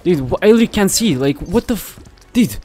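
A young man giving casual gameplay commentary, swearing constantly and reacting loudly to what happens on screen. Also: high-pitched, very animated, fast talker, soft background music.

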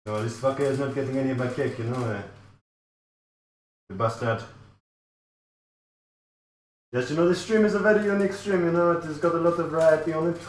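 A man's voice: fairly high pitch, fairly bright tone, echoey room, distant mic, slight background noise, low-quality recording. A man playing a crude, swearing French TV chef with a thick put-on French accent, rambling through a comic live-stream cooking show. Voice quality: thick fake French, filler-heavy, constant swearing.

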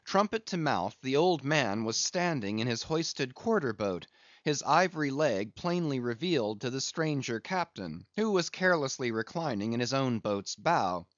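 A man giving a measured, unhurried reading as an audiobook narrator. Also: mid-range voice, big pitch swings, no echo. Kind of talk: scripted narration. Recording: dull lo-fi dry recording.

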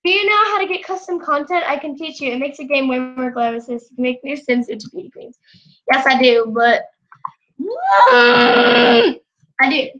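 A woman's voice: high-pitched, brisk, a bit bright, lo-fi sound. A young woman giving casual, giggly commentary while playing a life-simulation game. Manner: giggly, chatty, often laughing. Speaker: gameplay vlogger.

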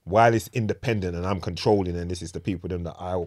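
Deep-voiced podcast host, hyped. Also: male voice, fairly even intonation, quick pace, a little mellow. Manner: hyped, encouraging, street slang. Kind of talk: casual podcast chat.

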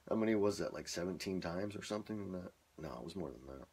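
A man's voice: sits low, lively intonation, fast, breathy edge. A man in his garage practicing voice-over script reads into a microphone, repeating each line in different ways and chatting between takes. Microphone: microphone on a stand, phone in front.

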